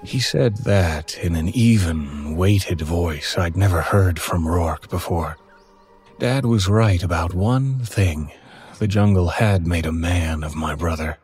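Man, horror story narration, very deep voice, slow unhurried pace, somber. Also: darkish tone, slightly rough, dry recording. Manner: measured, somber telling.

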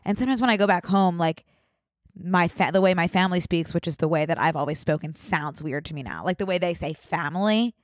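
Woman, podcast co-host, Northeast US accent, lowish voice, teasing and chatty, dry mic. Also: fairly quick, no room sound. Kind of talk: casual chat.

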